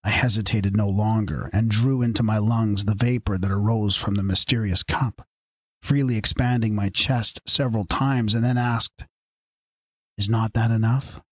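A man narrating an old novel as an audiobook, in a measured storytelling manner. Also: on the low side, fairly even intonation, a bit bright, dry recording.

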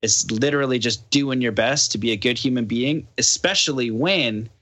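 A man's voice: mid-range voice, moderate pace. A man, a podcast guest, telling a story in casual chat and animatedly acting out the dialogue. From Canada. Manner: animated, acts out quoted dialogue.

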